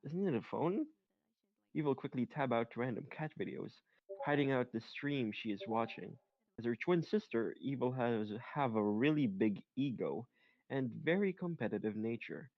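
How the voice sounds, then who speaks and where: A man's voice: medium pitch, lively intonation, moderate pace, dry recording, lo-fi sound. A man reading fan fiction aloud, stumbling on awkward grammar and making joking asides. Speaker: reader.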